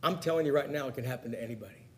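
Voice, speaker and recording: A man preaching a sermon, telling personal stories, who swings between loud emphatic lines and hushed asides. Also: mid-range voice, racing.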